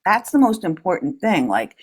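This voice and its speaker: A middle-aged woman hosting a solo podcast, talking in a gentle, earnest coaching tone. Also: on the low side, big pitch swings, normal speed, husky. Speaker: podcast host. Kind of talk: reflective solo podcast talk.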